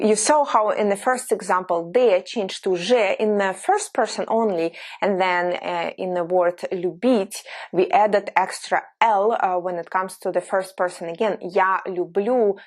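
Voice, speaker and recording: A woman with a Russian accent, a native Russian speaker teaching an online language lesson, patiently explaining and slowly modeling words. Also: medium pitch.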